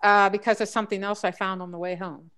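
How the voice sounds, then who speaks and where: A woman's voice: mid-range voice, flat delivery, fast, a bit bright, clean tone. A woman guest on a casual group chat, talking in long rambling stretches with frequent restarts and fillers. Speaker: guest treasure hunter.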